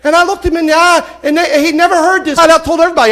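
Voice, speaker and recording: A man preaching a live church sermon, impassioned and folksy, with bursts of shouting. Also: very high-pitched, steady tone, very fast, few pauses. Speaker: pastor. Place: church sanctuary.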